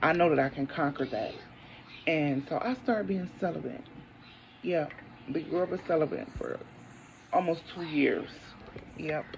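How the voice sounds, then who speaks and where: Casting: a raspy-edged woman vlogger in her thirties, faith-filled, calls viewers honey, recorded a bit muffled on a phone at home. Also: low voice, unhurried, pauses often, a little hiss or hum. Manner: preachy, declaring faith, talks to viewers as honey. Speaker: vlogger, single mother. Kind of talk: casual testimony vlog. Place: home, indoors.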